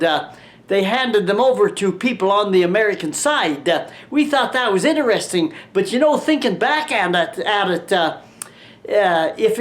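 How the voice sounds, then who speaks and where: An older man from Canada telling a personal travel story in a folksy, wry way, halting often with "uh" fillers. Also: high voice. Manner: halting, many "uh" fillers, wry self-mocking humor.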